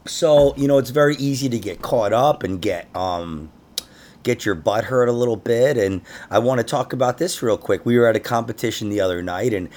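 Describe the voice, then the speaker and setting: A man's voice: mid-range voice, normal speed. A man hosting a comedy podcast, chatting casually and laughing often as he tells stories. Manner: laughs often, animated storytelling. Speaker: podcast host.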